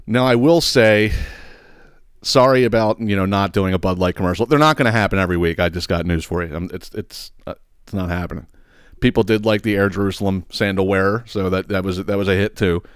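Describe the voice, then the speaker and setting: A man's voice: deep voice, fairly quick, smooth, no echo, clean studio sound. A man hosting his own podcast, talking casually in a profane, rambling way with stammered repeats. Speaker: podcast host. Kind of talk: casual solo podcast monologue.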